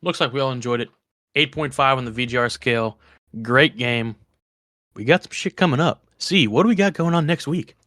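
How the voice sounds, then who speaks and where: A man's voice: medium pitch, brisk, a bit bright, no echo. A man co-hosting a video game podcast, talking in an easygoing, laid-back way. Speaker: podcast co-host. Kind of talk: casual chat.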